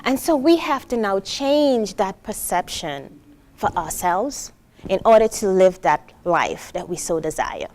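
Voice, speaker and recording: A woman from Trinidad speaks as a motivational speaker before a live audience. Her voice sits at a middle pitch, and she talks in an animated way, putting on the voices of the people she quotes and throwing questions out to the room. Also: a little slow.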